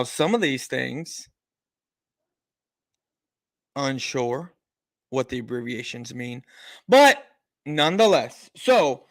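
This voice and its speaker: A man's voice: on the high side, bright, forceful tone, dry recording. A man hosting a live-stream sports show, ranting emphatically and repeating himself for effect. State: out of breath. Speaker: sports talk host.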